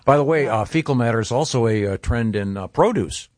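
A man's voice: mid-range voice, dry recording, studio quality. A man hosting a casual radio-style talk show, rambling and restarting his sentences. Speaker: host.

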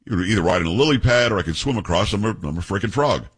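A man's voice: fairly low pitch, lively intonation, quick pace, slightly rough. A man voicing a wary, stubborn frog in a retold fable, sounding exasperated and insistent.

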